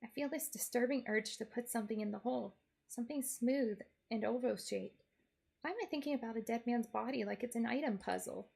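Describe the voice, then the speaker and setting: Wry woman narrating a game, slightly gravelly. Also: a little high, a little fast, darkish tone. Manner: wry, playful first-person storytelling. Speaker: VTuber game streamer. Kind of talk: in-character comedic game narration.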